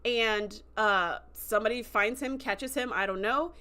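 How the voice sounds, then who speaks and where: Woman on a livestream rambling through a recap, bit of a high voice, does little voices for the characters. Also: unhurried. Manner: chatty, acts out quoted scenes in voices; emotional, lively storytelling. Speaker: host. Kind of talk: casual livestream review chat.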